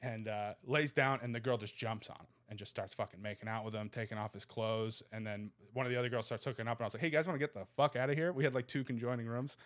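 A man in his thirties, a comedian guest, telling a wild story in rapid, profane, laughing bursts. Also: fairly low pitch, steady tone, fairly bright tone. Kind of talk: casual storytelling.

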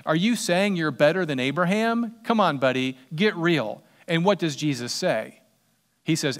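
A middle-aged man preaching a sermon as pastor, animated and acting out quoted voices with sudden loud jumps. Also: a little high, normal speed.

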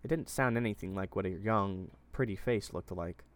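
A man reading his own fantasy story aloud in steady, plain narration. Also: low voice, moderate pace.

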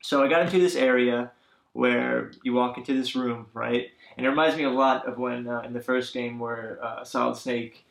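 Male podcast co-host, casual and rambling, mid-pitched, echoey room sound. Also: fairly even intonation, moderate pace, gravelly. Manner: rambling, many fillers, acts out characters' lines. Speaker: podcast co-host recapping a video game. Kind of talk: casual chat.

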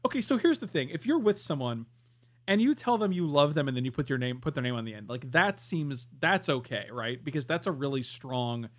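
A man co-hosting a podcast in casual chat, animated and emphatic. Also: medium pitch, fairly quick. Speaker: podcast co-host.

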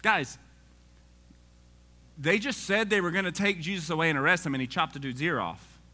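A man's voice: on the high side, normal speed, bright, forceful tone. A man preaching a casual sermon, reading scripture aloud and joking with the congregation.

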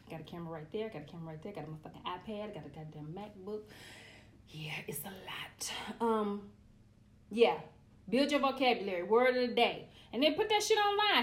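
Foul-mouthed animated woman in her forties. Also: on the high side. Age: 40s. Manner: profane, blunt and animated, ranting with comic exasperation. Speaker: vlogger. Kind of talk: casual vlog monologue.

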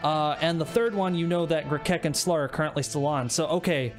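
A game master narrating a tabletop role-playing game in a relaxed way, with many fillers. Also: medium pitch, a little fast, soft background music.

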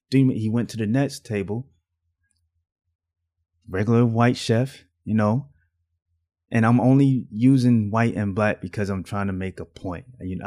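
A man with a voice on the low side and a dark tone hosts a podcast, delivering a casual monologue. He tells stories and preaches, drawling his phrases out.

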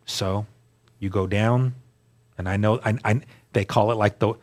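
A man, a guest on the show, telling his personal testimony in an earnest, emphatic way, dropping to a hushed voice at key moments. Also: fairly low pitch, steady tone, a little slow.

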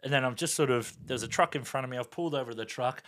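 An Australian man on a podcast, animatedly telling a long story and acting out the lines of the people in it, sometimes dropping to a hushed aside. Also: medium pitch, very fast, a little hiss or hum. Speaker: podcast co-host. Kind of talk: casual storytelling chat.

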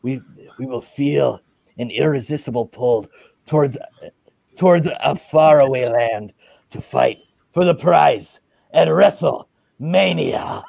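A man's voice: medium pitch, takes it slowly, vocal fry, pauses often, a little mellow, dry recording, heavily acted. A man putting on a Scottish accent to play a brash male pro wrestler who makes grand, dramatic declarations. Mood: grandiose. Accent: put-on Scottish.

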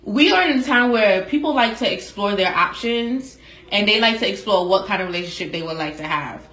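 A woman co-hosts a casual podcast chat with a mid-range voice. She weighs her views in a measured, reflective way. The room gives her voice a noticeable echo. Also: medium pitch, sharp tone. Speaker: podcast co-host. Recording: echoey room.

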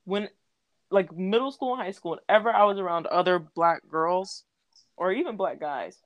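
A woman's voice: lowish voice, normal speed, no room sound. A young adult woman talking in casual podcast chat, laughing often and using lots of fillers. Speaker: podcast co-host.

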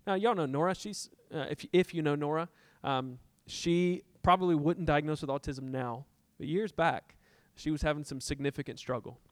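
Middle-aged pastor guy preaching, tells stories and acts out talks with god, kinda high voice, close dry sound. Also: moderate pace, few pauses, no room sound. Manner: storytelling, acts out dialogue with God, rising to impassioned peaks. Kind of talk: sermon.

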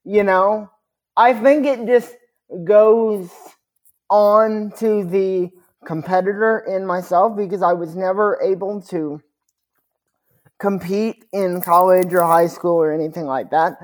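A man speaks as a guest on a podcast interview. His delivery is earnest and measured as he tells a personal story. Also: high-pitched, steady tone.

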